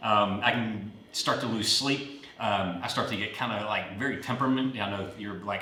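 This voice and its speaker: Coaching a workout on his fitness podcast, a man in his forties spins a rambling personal story at a normal speed, chatty and lively whenever he retells events. His voice is lowish, and the gym recording has a roomy echo from a distant mic.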